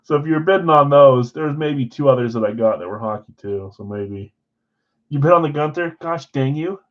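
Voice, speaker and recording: A man's voice: mid-range voice, moderate pace, phone-quality sound. A man hosting a live sports card break, casually rattling off player names and who got which spot.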